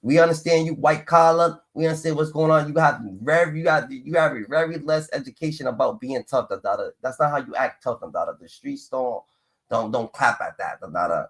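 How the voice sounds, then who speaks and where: Brief: male streamer, a bit high-pitched, profane mocking rant, chant-like filler. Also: brisk. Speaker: streamer reacting to clips. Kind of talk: ranting reaction commentary.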